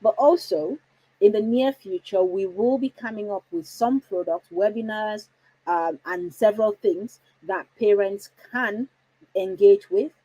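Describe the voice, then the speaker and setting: A woman's voice: medium pitch, a little slow, mellow, breathy edge, dull audio. Chatty woman hosting a parenting livestream. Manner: chatty, reassuring, asks the audience questions. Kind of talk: casual livestream talk.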